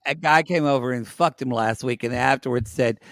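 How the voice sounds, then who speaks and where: A man's voice: mid-range voice, fairly quick, creaky, fairly bright tone, dry recording, studio quality. A man co-hosting a podcast, recapping with wry, teasing asides. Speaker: podcast co-host. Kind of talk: casual chat.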